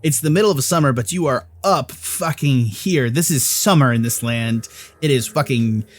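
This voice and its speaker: A man's voice: medium pitch, normal speed. A man narrating a tabletop game as game master, casual, with fillers and swearing.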